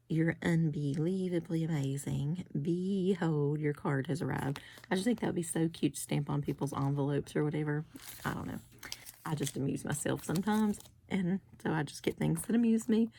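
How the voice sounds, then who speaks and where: Low gravelly woman chatting. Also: darkish tone. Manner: chatty, rambling, giggly asides. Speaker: crafting vlogger. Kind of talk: casual haul chat.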